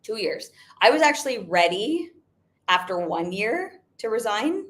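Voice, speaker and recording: A woman's voice: mid-range voice, sing-song, a little slow, a bit bright. A young adult woman giving an emphatic motivational talk, repeating her points and using "like" often. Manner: emphatic, repetitive, frequent "like". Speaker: network marketing business owner.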